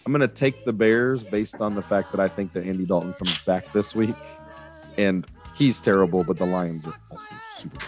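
A man's voice: sits low, normal speed, faint music behind. A man on a casual sports chat panel, telling stories and often repeating words as he gets going. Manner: chatty storyteller, repeats words as he starts. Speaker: regular panelist.

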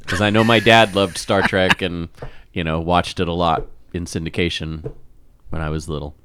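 Low-voiced man chatting casually. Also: moderate pace, slight background noise. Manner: relaxed, reminiscing, laughs often. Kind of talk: casual chat.

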